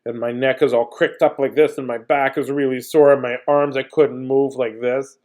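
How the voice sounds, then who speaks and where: A storyteller reads a bedtime picture book aloud in a medium-pitched voice at a moderate pace. He keeps breaking off for playful, jokey asides, chatting with his listeners in an animated way.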